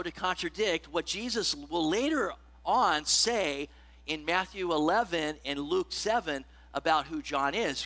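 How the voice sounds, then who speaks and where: Bright high-voiced male preacher. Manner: conversational preaching, checks in with the congregation; reads scripture with rising emphasis. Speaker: pastor. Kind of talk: sermon.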